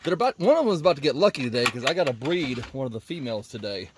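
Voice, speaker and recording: A man's voice: mid-range voice, sing-song, rapid-fire, background noise. A man rambling casually while doing farm chores outdoors, often talking to his animals. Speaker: homesteading vlogger. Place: outdoors at backyard animal pens. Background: chickens clucking.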